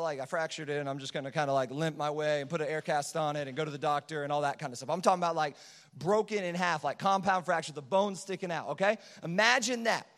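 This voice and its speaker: High-voiced animated youth preacher in a hall. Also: male voice. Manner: animated storytelling, acts out quotes, repeats phrases. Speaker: youth pastor. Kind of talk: sermon. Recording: long hall reverb.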